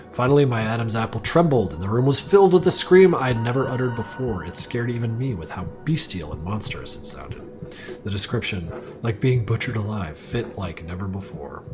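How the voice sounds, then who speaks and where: A man streaming live, reading a first-person story aloud dramatically, now and then stumbling and correcting himself. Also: lowish voice. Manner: reads aloud with occasional slips and self-corrections.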